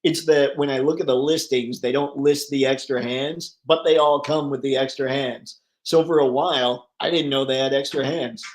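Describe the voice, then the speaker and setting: A man hosting a casual livestream, reading viewer comments aloud and riffing on them, thinking out loud as he browses online listings. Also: mid-range voice, fairly even intonation, normal speed, few pauses. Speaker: livestream host. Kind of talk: casual live chat.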